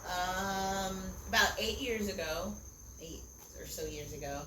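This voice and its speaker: A young woman who sings talks candidly and ramblingly as a podcast guest, full of fillers and casual swearing, in a fairly low voice at a slow pace. She's in Costa Rica, outdoors or in an open room, and the echoey recording carries loud crickets.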